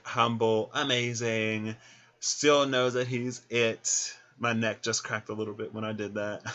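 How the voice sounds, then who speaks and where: A man's voice: on the low side, dull audio. Chatty man giving a tarot reading. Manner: chatty and animated, laughs often, acts out little scenes. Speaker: tarot reader. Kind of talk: casual spoken tarot reading.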